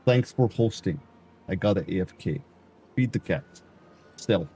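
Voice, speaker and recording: A man's voice: low voice, measured pace, husky, exaggerated voice. Ashmakos, a man putting on a bad Eastern European negotiator. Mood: mock-serious. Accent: put-on bad Eastern European. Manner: broken grammar, dropped articles, deadpan boasts. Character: boastful male D&D negotiator with a broken speech style. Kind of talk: live-stream role-play voice.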